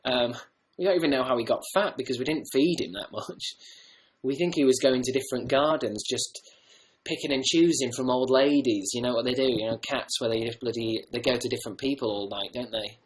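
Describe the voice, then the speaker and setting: A young man from the north of England, his accent softened, rambling casually and swearing now and then as he reads viewer comments on his livestream. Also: medium pitch, brisk. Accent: northern English, softened. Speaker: livestream host.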